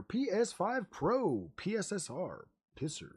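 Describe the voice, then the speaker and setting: A man's voice: high voice, sing-song, moderate pace, a bit bright, slightly rough. A man streaming live, rambling casually about game consoles, saying "dude" and "bro" a lot and cursing now and then. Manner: jokey, drops into mocking voices. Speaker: gaming streamer. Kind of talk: casual livestream chat.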